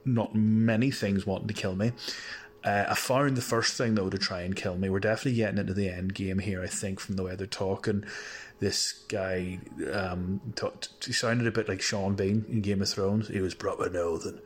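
A man's voice: low-pitched, steady tone, moderate pace. A man giving a wry, meandering recap of his game progress, full of hesitant fillers. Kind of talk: recorded gameplay recap.

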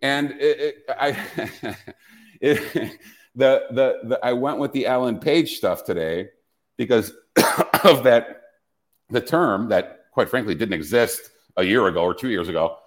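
A man's voice: mid-range voice, measured pace. A man hosting a casual podcast, ranting with profanity and frequent restarts. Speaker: podcast host.

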